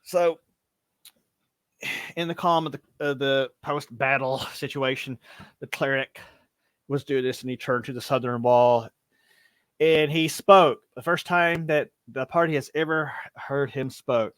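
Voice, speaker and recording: Casting: male game master, mid pitch, dry close sound, loose narration for a tabletop stream. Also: steady tone, unhurried, fairly bright tone, clear, resonant tone, no room sound. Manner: loose, rambling, many fillers and restarts.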